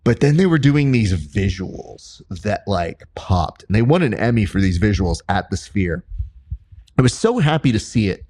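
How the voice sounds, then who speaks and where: A young man hosting a casual interview podcast, telling stories in an animated way and jumping high in pitch when he quotes people. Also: normal speed. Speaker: podcast host and combat sports commentator.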